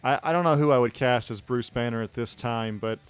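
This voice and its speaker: A man chats in an easygoing, conversational way as a podcast co-host. His voice sits in a plain middle pitch. Faint guitar music plays beneath the talk. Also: a little fast, smooth. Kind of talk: casual chat.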